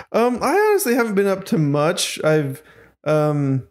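A man's voice: a little high, expressive, a little slow, a little mellow. A man co-hosting a podcast, talking hesitantly with many fillers in casual chat. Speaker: podcast co-host.

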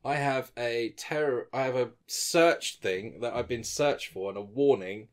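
A man's voice: medium pitch, a little slow. A young man, reading out tips one by one in a dry manner during casual banter.

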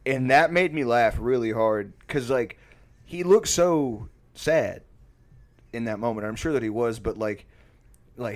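A man's voice: mid-range voice, lively intonation, moderate pace. Rambling man telling a story. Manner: rambling, profane, heavy filler words. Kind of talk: casual storytelling.

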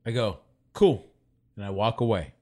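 Animated man telling stories on a podcast. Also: mid-range voice, normal speed. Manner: animated storyteller, acts out people he quotes. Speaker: podcast co-host. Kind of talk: casual chat.

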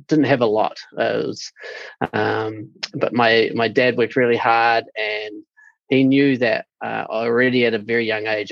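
A man's voice: medium pitch, creaky, no echo, highs cut off. Man with a New Zealand accent. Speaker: guest, tech founder. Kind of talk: casual interview chat.

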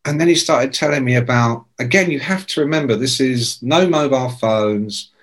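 In casual conversation, a sixty-something male guest shares rambling stories full of swearing, bringing quoted people to life with animated impressions. His voice is mid-range at a normal pace.

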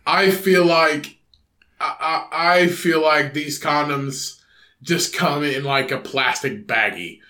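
A podcast co-host with a high, bright, tense voice rambles slowly through crude casual banter, swearing freely and putting on voices for his bits. The room sounds echoey.

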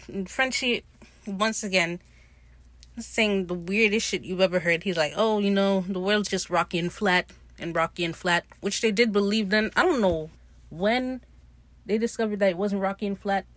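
A woman's voice: mid-range voice, moderate pace, no room sound. Chatty, profane young woman recapping a show. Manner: chatty, profane, animated retelling with paraphrased character quotes. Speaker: podcast host recapping a show. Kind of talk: casual recap chat.

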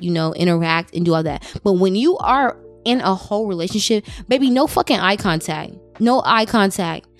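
A woman hosting a podcast and giving advice in a blunt, profane, casual way. She often jumps up into high squeaky tones. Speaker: podcast host.

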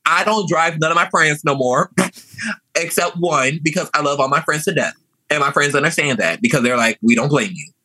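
A young man telling a story in an animated, sassy way, chatting casually. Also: on the high side, moderate pace, low-quality recording. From New Orleans. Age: young adult.

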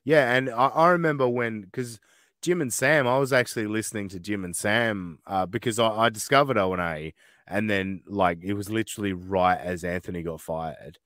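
Australian guy, lower voice, lively storyteller, guest on a podcast, dry close mic. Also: no echo. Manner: quick, animated storytelling. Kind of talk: casual chat. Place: back shed.

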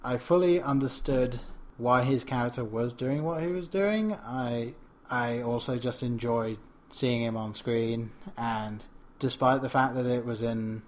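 A man's voice: mid-range voice, unhurried. A man co-hosting a podcast, chatting casually about a film, rambling with frequent restarts and laughs. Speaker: podcast co-host.

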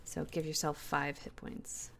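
A woman's voice: sits low, level tone, unhurried, creaky. A woman playing a tabletop role-playing game, reading out spell rules in a matter-of-fact way. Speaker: player.

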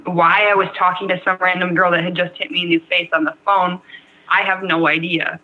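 A woman's voice: fairly low pitch, level tone, brisk. A young adult woman telling her own story as an interview guest, frank and rambling, with lots of "like" and "um". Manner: rambling, frank, heavy use of "like" and "um". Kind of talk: candid personal story in an interview. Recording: tinny phone-like line.

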